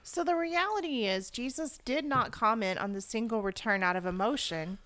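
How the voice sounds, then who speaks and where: A woman co-hosting a Bible discussion, reading scripture aloud in a steady, clear way and commenting on it. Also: on the high side, moderate pace.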